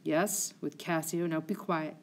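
A woman's voice: low-pitched, fairly even intonation, measured pace. A woman voicing a scheming male villain who speaks curtly and with menace. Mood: menacing. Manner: curt, menacing.

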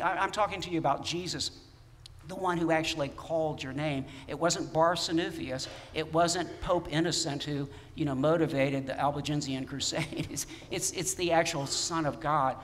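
A man's voice: a little high, normal speed, fairly bright tone, slight background noise. A man, a pastor preaching a sermon in conversational storytelling style, recounting dialogue with restarts. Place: church sanctuary. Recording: church hall reverb.

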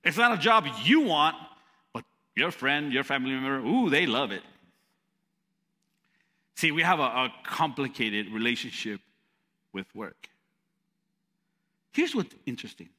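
Man, pastor, animated storytelling sermon; bright tone, reverberant church hall. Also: mid-range voice, a little slow, pauses often. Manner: animated storytelling, asks the crowd questions.

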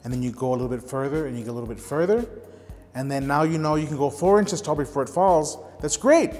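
A man's voice: medium pitch, fast, darkish tone, soft background music. Man speaking earnestly in echoey room. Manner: earnest, storytelling with gestures. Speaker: ceramics teacher. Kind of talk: documentary interview.

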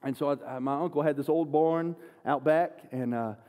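A man preaching a sermon, an animated, self-deprecating storyteller. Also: a little high, moderate pace. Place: church sanctuary. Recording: long church hall reverb.

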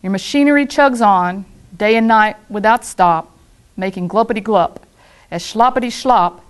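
A woman voicing a small grumpy creature who scolds and complains with a croaky cough, while reading a children's storybook aloud. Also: medium pitch, moderate pace, close to an everyday voice. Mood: grumbling.

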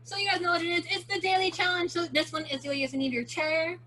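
Teen girl instructor on a video call, super high bright voice, playful step by step, faint hum. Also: racing. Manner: playful, chatty, explains step by step. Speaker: martial arts instructor. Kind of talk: virtual kids' class instruction.

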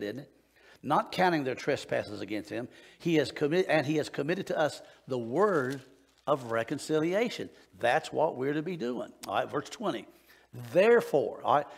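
Gravelly folksy pastor. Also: male voice, medium pitch. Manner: folksy, animated preaching with audience banter. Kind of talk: sermon. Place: church sanctuary.

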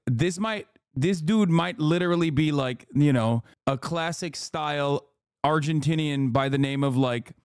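A man's voice: a little high, clean tone, no echo, clean studio sound. Sarcastic man joking on stream. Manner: joking, sarcastic, laughs between lines. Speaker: livestreamer reacting to a clip. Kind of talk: casual stream commentary.

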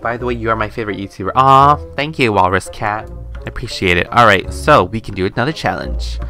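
Bright-voiced chatty young man gaming. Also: on the low side, a little fast. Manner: chatty, excitable, gasps and squeals when scared. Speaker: gaming YouTuber. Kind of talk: casual let's-play commentary. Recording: faint game music behind.

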